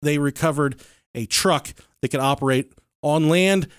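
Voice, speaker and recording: A man hosting a podcast, telling a true-crime story in casual chat, animated and swearing freely. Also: a little high, normal speed, smooth, no room sound, studio quality. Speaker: podcast host.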